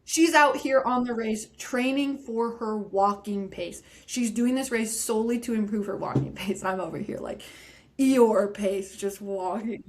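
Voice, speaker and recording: A woman guest on a podcast, telling a story in a lively way and acting out the voices of people she quotes. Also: fairly high pitch, measured pace. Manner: animated, acts out quoted voices. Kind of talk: casual storytelling interview.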